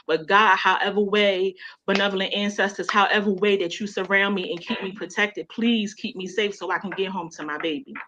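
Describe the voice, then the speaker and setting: A woman's voice: mid-range voice, fairly even intonation, a little fast, sharp tone, slight background noise. A woman with a Baltimore accent telling a personal story as a guest on a radio show, emotional and conversational, full of "you know". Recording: dull lo-fi sound.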